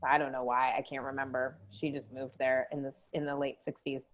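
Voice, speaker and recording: A woman's voice: very deep voice, level tone, a little fast. A woman in her thirties from San Francisco, telling rambling stories in casual podcast chat and swearing freely. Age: 30s. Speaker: guest.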